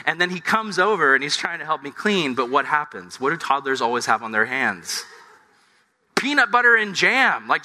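A man in his thirties preaching a conversational sermon, acting out little scenes in lively voices. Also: a little high. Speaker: pastor.

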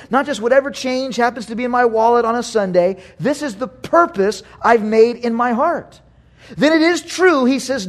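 A man, a pastor and father, preaching a sermon in an animated way, acting out quotes and swinging from loud to hushed. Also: very high voice.

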